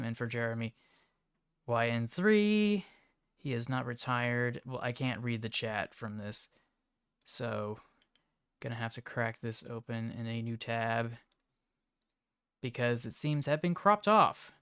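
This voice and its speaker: A man livestreaming, reacting to chat images in an offhand, mumbling way with sudden excited outbursts. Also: medium pitch, clear, resonant tone, no room sound, studio quality. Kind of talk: casual live-stream commentary.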